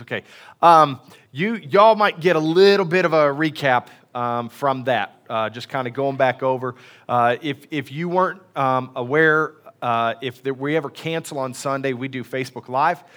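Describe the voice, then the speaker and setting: A man's voice: mid-range voice, expressive, normal speed, fairly bright tone. A man preaching a casual, folksy sermon in a church, chatty and self-deprecating with many fillers. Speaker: pastor. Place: church sanctuary.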